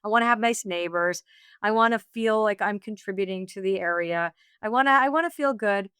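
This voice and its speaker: A woman being interviewed, telling a personal story in a lively, laughing way and acting out what she and others said. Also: mid-range voice, brisk, clear, resonant tone, no room sound, clean studio sound. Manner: animated, laughing storyteller, acts out her own quotes. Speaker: guest, oracle deck author.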